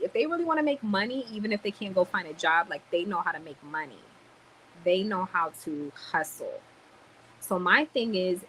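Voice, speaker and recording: A woman's voice: lowish voice, sharp tone, a little hiss or hum, poor audio. A woman venting on a livestream, annoyed and swearing as she tells a story. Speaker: livestream host. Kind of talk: ranting livestream chat.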